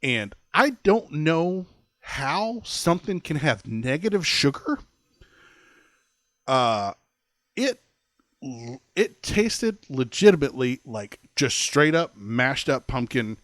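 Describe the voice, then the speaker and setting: A man's voice: a little high, big pitch swings, takes it slowly, fairly bright tone, dry recording. A man co-hosting a podcast, telling a funny story in casual chat and laughing often. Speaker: podcast co-host.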